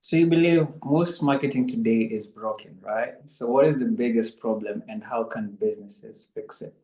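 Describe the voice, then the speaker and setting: A man's voice: medium pitch, moderate pace, warm tone, echoey room, low-quality recording. A man hosting an interview, who gives brief acknowledgements and then asks plain questions. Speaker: podcast host.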